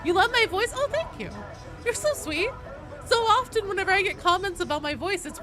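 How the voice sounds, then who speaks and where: A woman's voice: extremely high pitch, lively intonation, normal speed, music in the background. A young woman streaming a game, chatting casually with viewers in a bubbly manner and swearing freely. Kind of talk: casual live-stream chat.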